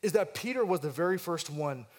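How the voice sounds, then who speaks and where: A high-voiced man delivers a sermon, working through a passage verse by verse. He acts out the quoted lines with rising intensity and pauses to ask his listeners questions. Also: lively intonation. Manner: asks the congregation questions. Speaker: pastor.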